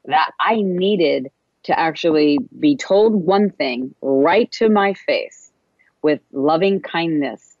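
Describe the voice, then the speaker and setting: A wellness coach giving a casual spiritual self-help talk, meandering along with frequent pauses and fillers. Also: medium pitch, animated, no echo. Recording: dull, muffled recording.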